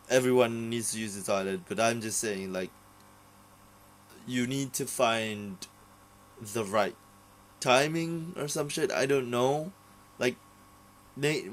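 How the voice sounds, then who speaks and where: A young vlogger reviewing a TV series goes on a casual, unscripted rant, rambling and swearing with many fillers and restarts. His voice is medium-pitched, and the audio is poor.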